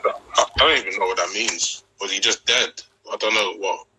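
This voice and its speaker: A man's voice: lowish voice, moderate pace, pushed and bright, slight background noise, low-quality recording. A man hosting a casual interview show, enthusiastic and slangy, often restarting his sentences. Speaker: host.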